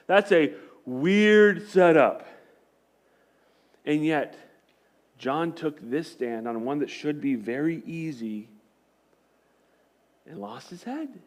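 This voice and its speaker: High-voiced pastor preaching conversationally. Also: male voice. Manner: conversational, emphatic repetition. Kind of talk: sermon.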